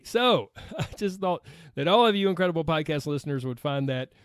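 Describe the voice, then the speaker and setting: A man's voice: on the high side, fairly quick, smooth, no room sound, clean studio sound. A man with a Southern US accent hosting a weight loss podcast, chatting casually and reading listener posts aloud with a friendly laugh.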